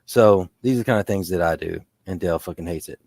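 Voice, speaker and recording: A man's voice: deep voice, fast talker, vocal fry, a little mellow, no echo. A man co-hosting a podcast in casual chat, rambling and restarting his sentences often. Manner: rambling, full of restarts and fillers. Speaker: podcast co-host. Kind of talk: casual fantasy sports chat.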